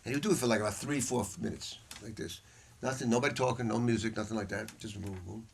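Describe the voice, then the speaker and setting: An older man with a mid-range voice and some vocal fry talks quickly as he leads a saxophone masterclass before a small live audience in a music store hall. His storytelling lecture is casual and profane, animated, full of acted-out voices and frequent laughter. Faint background noise and clicks run through the recording.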